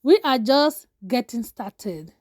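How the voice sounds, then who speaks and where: Brief: composed empire-building mother, read by a woman, slow firm lines, dry close sound. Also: a little high, animated, no echo. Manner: measured, firm declarations. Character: calm, commanding mother who built an empire.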